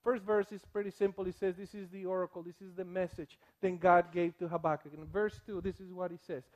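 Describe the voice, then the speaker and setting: A man delivers a sermon from the pulpit with an unusually high-pitched voice. His delivery is animated, and he breaks into quick impressions of the people in his stories. He teaches and jokes with the congregation as he goes. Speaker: pastor.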